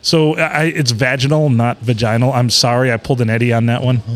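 A man with a mid-pitched voice hosting a podcast. He jokes crudely and teases his co-hosts in relaxed, casual chat. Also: brisk. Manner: crude joking, teasing banter. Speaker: podcast host.

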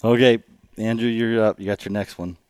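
A man's voice: fairly low pitch, steady tone, brisk, a little mellow, clean tone, dry recording, clean studio sound, faint music behind. A man hosting a podcast in casual chat, rambling and laughing as he tells stories. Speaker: podcast host.

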